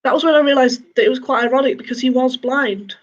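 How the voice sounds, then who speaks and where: A young woman with a Northern English accent doing a deadpan, self-mocking stand-up routine. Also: high voice, fast talker, highs cut off. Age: young adult. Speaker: stand-up comedian. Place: home, online showcase.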